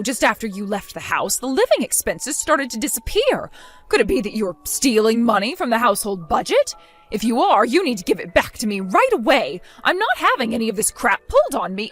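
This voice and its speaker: A spiteful, domineering older mother-in-law, voiced by a woman, hurling insults and accusations. Her voice sits fairly high and swings widely in pitch. She talks down to everyone with open contempt. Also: very animated, normal speed, a bit bright, soft background music. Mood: demanding.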